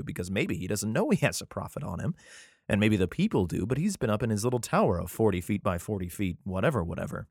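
A man's voice: fairly low pitch, very animated, quick pace, no room sound, clean studio sound. A man casually reading scripture aloud and breaking off into profane, sarcastic commentary, sometimes stumbling and rereading lines. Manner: profane, sarcastic asides between read passages. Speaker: podcaster reading and commenting on the Bible.

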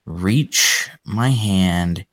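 A man with a very low voice chats casually. He rambles, restarts often and jokes at his own expense. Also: extremely slow, fairly bright tone. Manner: rambling, self-deprecating, trails off. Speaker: podcast co-host, father. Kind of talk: casual chat.

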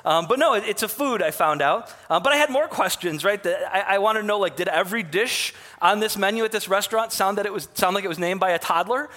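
Bright-voiced Michigan pastor in a big hall. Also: male voice, sits high, quick pace, few pauses. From Michigan, USA. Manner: folksy and self-mocking, with many uh fillers and restarts. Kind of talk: sermon. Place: church sanctuary. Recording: long hall reverb.

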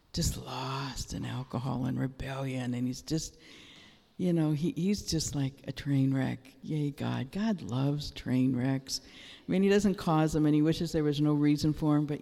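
Slow, gravelly man giving a prophetic word. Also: a little high, mellow. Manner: emphatic and repetitive. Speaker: prayer minister. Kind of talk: prophetic word at a prayer meeting. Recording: echoey room with long reverb.

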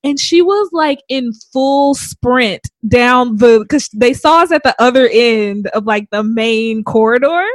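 A woman's voice: a little high, animated, unhurried, hardly any pauses, dry recording. A woman podcast host in casual chat, telling stories with frequent giggles. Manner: giggly, laughs through stories.

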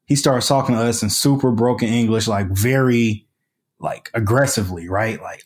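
A man's voice: medium pitch, moderate pace. Chatty man telling a story. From United States. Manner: animated, colloquial, lots of fillers and restarts. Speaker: podcast guest. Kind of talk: casual storytelling.

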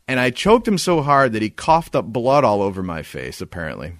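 Animated, swearing man telling a story. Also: medium pitch, fairly quick, dry recording, clean studio sound. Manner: animated, profane, acts out quoted lines. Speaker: podcast co-host. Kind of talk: casual storytelling chat.

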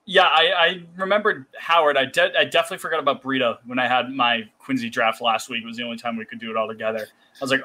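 A man co-hosting a podcast, chatting casually and teasing his friend with quick jokes. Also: mid-range voice, steady tone, sharp tone. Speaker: podcast co-host. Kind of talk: casual chat.

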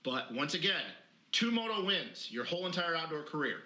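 Fast, emphatic man talking racing. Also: fairly high pitch, very animated, bright, forceful tone, echoey room, rough recording. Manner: fast, emphatic, swears freely. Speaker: podcast co-host. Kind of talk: casual motocross chat.

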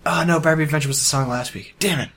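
A man's voice: a little high, very fast, creaky, fairly bright tone. A man co-hosting a casual podcast, profane and dryly teasing. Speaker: podcast co-host. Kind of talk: casual chat.

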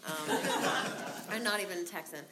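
A woman telling her recovery story in a candid, rambling way, swearing freely, laughing often and filling pauses with um and like. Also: mid-range voice, expressive, very noisy. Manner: rambling with many fillers. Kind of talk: casual spoken recovery story.

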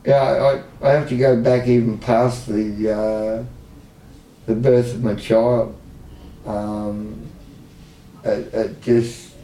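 A middle-aged Australian man speaks candidly, blunt and wry as he tells his story. His voice is dark and mellow. It sits back from the mic in an echoey room with a faint hum underneath. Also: mid-range voice, little pitch movement, takes it slowly, long pauses, far from the mic. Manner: blunt, emotional, self-mocking humor. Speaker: service user guest.

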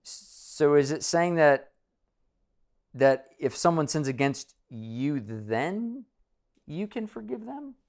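A man's voice: fairly high pitch, big pitch swings, slow pace, creaky, darkish tone. A man preaching a sermon in a conversational, self-deprecating way, reading scripture and acting out imagined conversations. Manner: conversational, self-deprecating, acts out quoted voices. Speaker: pastor.

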